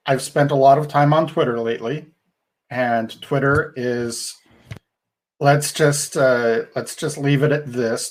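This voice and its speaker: A middle-aged man co-hosting a podcast, talking things through in a thoughtful, rambling way with restarts. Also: mid-range voice. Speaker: podcast co-host. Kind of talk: casual podcast discussion.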